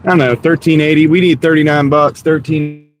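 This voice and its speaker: A man with a slightly high, slightly fast voice streams live as a delivery driver from inside his car as he drives. He chats casually with viewers by name and mutters over order offers, while steady engine and road noise fills the recording.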